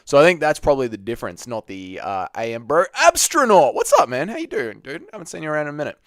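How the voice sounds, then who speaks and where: Young australian man, livestream host, bouncy animated pitch, smooth clear voice, dry close sound. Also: fast, no echo. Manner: chatty, swears casually, greets viewers by name. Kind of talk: casual live chat reading viewer comments.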